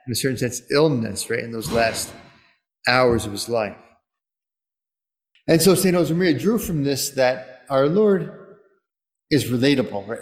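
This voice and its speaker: A man preaching a sermon in an earnest, conversational way, turning at times to spoken prayer, probably a priest. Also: mid-range voice. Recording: long reverb of a church.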